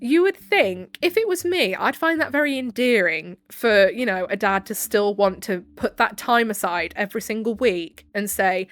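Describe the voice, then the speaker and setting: A woman's voice: on the high side, animated, moderate pace, hardly any pauses, fairly bright tone, no echo. A woman narrating online stories aloud, breaking in with sarcastic asides and frequent laughter. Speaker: story narrator. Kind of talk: reading online stories with commentary.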